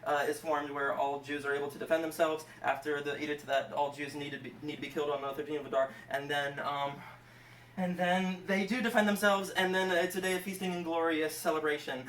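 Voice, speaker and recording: A man's voice: on the high side, steady tone, a little fast, fairly bright tone, recorded from a distance, a little hiss or hum. Man rattling off a story, off-mic. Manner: rambling, with many fillers and self-corrections. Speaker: channel host. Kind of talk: comic speed retelling. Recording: roomy, from off-mic.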